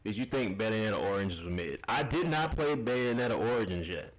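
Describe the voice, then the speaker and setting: A man's voice: fairly low pitch, expressive, a little fast. A young man hosting a casual gaming livestream, reading chat comments aloud, loose and profane, laughing often and repeating himself.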